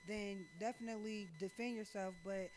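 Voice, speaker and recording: A woman's voice: medium pitch, fairly even intonation, moderate pace, darkish tone, slight background noise. Blunt woman guest on a podcast. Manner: blunt, emphatic, backs up the host. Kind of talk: casual podcast chat.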